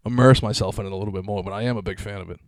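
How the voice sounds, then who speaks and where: A low-voiced man, chatting in a loose, rambling way. He fills his sentences with "like" and laughs as he goes. It is an easygoing podcast-style conversation. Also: steady tone, very fast, a crowd in the background. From Boston area. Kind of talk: casual chat.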